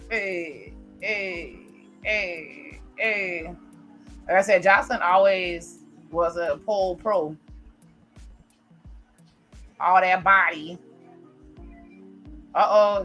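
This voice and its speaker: A woman's voice: mid-range voice, a bit bright. A woman giving chatty, casual reaction commentary on a TV episode as she watches it. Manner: chatty, reacts aloud while narrating scenes. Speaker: reaction video host.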